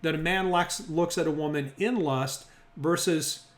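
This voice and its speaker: A man's voice: a little high, a little slow. A man teaching a Bible study group, reasoning through the text aloud and often checking that the group is following. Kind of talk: interactive Bible lesson. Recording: echoey room.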